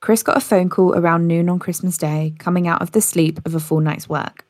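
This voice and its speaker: A woman's voice: on the low side, fairly even intonation, a little fast, a little mellow, dry recording, clean studio sound. A woman narrating a story in a casual podcast style, with occasional slips and restarts.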